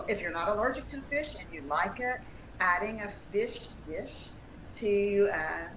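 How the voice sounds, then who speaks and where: A woman's voice: medium pitch, roomy sound, noisy background. A woman from Tennessee with a Southern accent, a dietitian giving upbeat, chatty advice and laughing often. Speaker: dietitian, featured speaker. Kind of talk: casual livestream talk.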